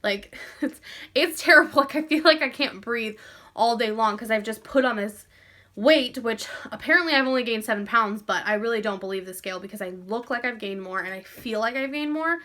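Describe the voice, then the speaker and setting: A woman's voice: fairly high pitch, brisk, sharp tone. A young woman vlogging casually to camera, chatty and out of breath, sighing now and then and saying "like" a lot.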